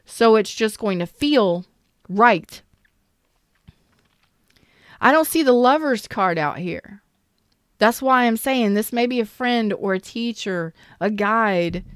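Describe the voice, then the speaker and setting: A woman's voice: on the high side, clean tone, dry recording, studio quality. A woman giving a live-streamed tarot reading who talks candidly and swears freely, greets viewers in the chat, and speaks with strong emotional intensity. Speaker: tarot reader.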